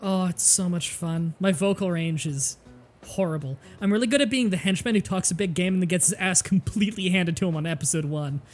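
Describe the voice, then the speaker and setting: A woman streamer joking loudly and crudely while commenting on a game she is playing. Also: lowish voice, a little fast, soft background music. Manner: loud, crude, laughing banter. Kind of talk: casual gameplay commentary.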